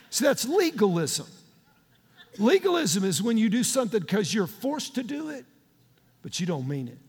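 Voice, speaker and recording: A middle-aged man preaching a sermon in a folksy, emphatic way, breaking into sudden shouts. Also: very high-pitched, big pitch swings, unhurried, gravelly. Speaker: pastor. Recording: long hall reverb.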